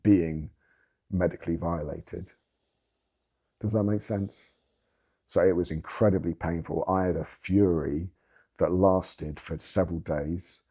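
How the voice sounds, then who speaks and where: A man's voice: low voice, fairly even intonation, measured pace, pauses often, mellow, husky. A man, giving candid personal testimony in an interview, earnest and emphatic, swearing for emphasis. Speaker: interviewee sharing his story.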